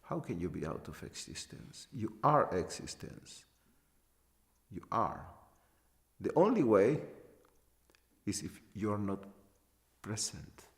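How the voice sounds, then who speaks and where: Male spiritual teacher, slow and deliberate, lively pitch swings, long hall reverb on the voice. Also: gravelly. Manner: halting, repeats phrases for emphasis. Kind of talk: spiritual talk.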